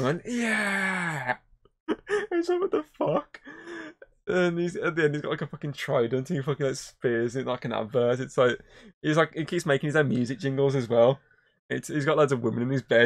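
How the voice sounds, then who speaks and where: A man hosting a podcast, chatting casually about movies in a rambling way, swearing often. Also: medium pitch. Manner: rambling, swears a lot, animated retelling. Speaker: podcast host. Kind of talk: casual movie review chat.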